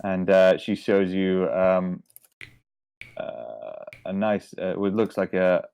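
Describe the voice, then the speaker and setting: A man running a tabletop game as game master, halting, with many fillers. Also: deep voice, vocal fry, a little mellow, smooth.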